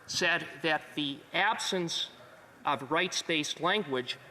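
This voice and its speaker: A man delivers a formal, emphatic speech to a legislative chamber. His voice sits a little high and rings bright and forceful. The recording carries the long reverb of a large hall. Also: takes it slowly, slight background noise. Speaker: member of parliament.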